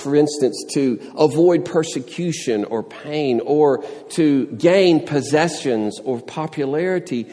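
A man's voice: fairly high pitch, dark tone, big-room sound. A man preaching a sermon, earnest, pressing his points with rising questions and everyday illustrations. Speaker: pastor.

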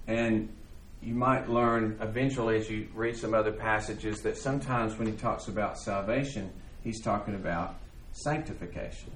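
A man's voice: fairly low pitch, moderate pace, a bit bright, slight background noise. A man teaching an informal church Bible class in a conversational, rambling way, with many restarts and fillers.

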